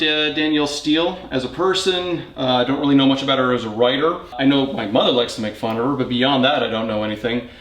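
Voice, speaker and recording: A man hosting a casual, rambling book tour from his home reading nook, with wry joking asides. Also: medium pitch. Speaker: book channel host. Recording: echoey room.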